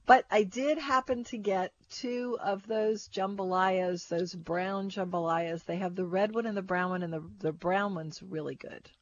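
A woman's voice: mid-range voice, fairly even intonation, measured pace, few pauses. A woman co-hosting a food radio show, chatting casually and stating opinions emphatically. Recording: dull, lo-fi radio broadcast.

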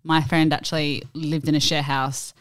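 A woman's voice: low-pitched, flat delivery, moderate pace. A young woman co-hosting a casual chat podcast, frank and playful as she tells stories about her mates. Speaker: podcast co-host.

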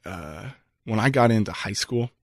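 A man with a lowish voice speaks earnestly and at length, pausing and restarting his sentences as he tells a personal story. The sound is close and dry, with no room around it. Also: expressive, no echo. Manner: earnest, halting with repeated restarts. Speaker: guest. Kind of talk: reflective storytelling in conversation.

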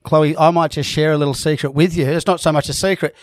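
Upbeat man, bright pitch. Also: steady tone, quick pace, no echo. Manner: jokey, upbeat presenter. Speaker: club radio co-host. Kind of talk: casual sports chat.

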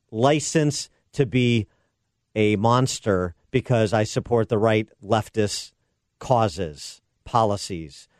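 A man's voice: mid-range voice, darkish tone, no room sound. A man hosting a political talk radio show, delivering sarcastic and combative commentary into a studio microphone.

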